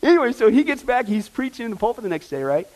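A man preaching a sermon, telling a story with animated asides and frequent "right?" and "okay?" checks to the congregation. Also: extremely high pitch, fast talker, low-quality recording. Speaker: pastor or Bible teacher. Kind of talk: sermon with anecdote.

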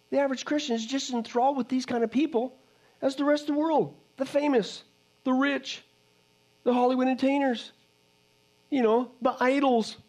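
A man preaching a fiery sermon, firing off scolding rhetorical questions and sometimes dropping to a low murmur.

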